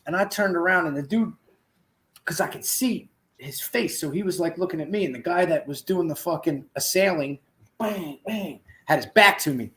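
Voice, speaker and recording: A man's voice: fairly high pitch, brisk, fairly bright tone. A man hosting a podcast, telling a rowdy story in casual, profane chat and acting out the quotes. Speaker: podcast host.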